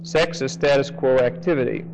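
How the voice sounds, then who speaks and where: A man teaching a sermon through a scripture passage in a conversational way. He often checks in with the audience and slows down to stress key phrases. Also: medium pitch, background noise. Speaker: Bible teacher. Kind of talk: expository sermon.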